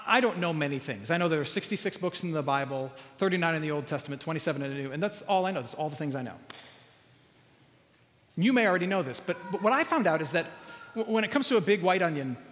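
A man's voice: fairly high pitch, a bit bright, in a large hall. A man preaching a sermon, earnest, often repeating words and building to emphatic peaks. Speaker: pastor.

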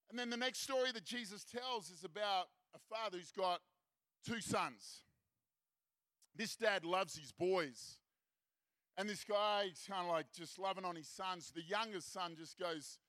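A young Australian man giving a seminar talk, retelling parables in a lively storytelling style and acting out the characters' lines. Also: high-pitched, measured pace, no echo. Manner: animated, acts out characters' lines. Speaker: seminar speaker. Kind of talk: storytelling sermon.

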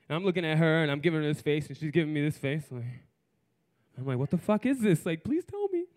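Man, around 30, slightly high voice, frank profane storyteller, self-mocking, jumps from loud to hushed. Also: smooth. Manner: animated, shifts from loud to hushed. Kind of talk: personal storytelling.

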